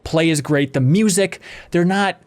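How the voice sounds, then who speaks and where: A man's voice: on the high side, unhurried. Enthusiastic man hosting a games podcast. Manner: enthusiastic, talks in long run-on sentences. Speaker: podcast host. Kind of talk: casual chat.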